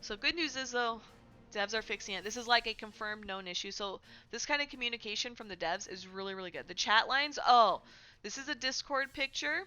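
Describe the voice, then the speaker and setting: A woman's voice: on the high side, fairly quick, sharp tone. A woman hosting a casual game news livestream from home, chatty, with lots of "like" and "right?". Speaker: livestream host. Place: home streaming setup.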